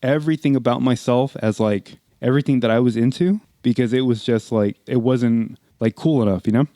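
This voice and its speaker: A man talks loosely on a group podcast, swearing constantly and circling through fillers. His voice is mellow and relaxed rather than bright. The recording is close and dry. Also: mid-range voice, a little fast, no room sound. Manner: heavy swearing, rambling with many fillers. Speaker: podcast co-host. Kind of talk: casual group chat.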